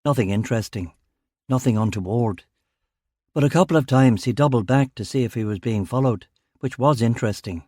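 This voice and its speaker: A man narrating a crime thriller audiobook in a measured, grave delivery. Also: mid-range voice, a little mellow, dry recording, studio quality.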